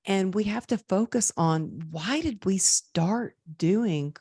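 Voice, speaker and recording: A woman guest on a podcast, telling personal stories in a lively conversational way. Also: medium pitch, takes it slowly, husky, no echo, studio quality. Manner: lively, acts out quoted voices. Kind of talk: conversational storytelling.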